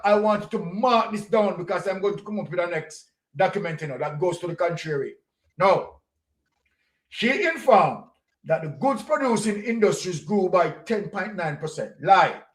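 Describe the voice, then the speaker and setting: A man with a Jamaican accent, hosting the show, reading news documents aloud with scornful, animated asides. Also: fairly high pitch, echoey room, recorded from a distance, low-quality recording. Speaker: host.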